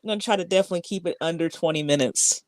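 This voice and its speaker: A woman's voice: lowish voice, rapid-fire, no room sound, clean studio sound. A woman who runs a podcast, chatting and giggling as a guest on a live stream. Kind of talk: casual live chat.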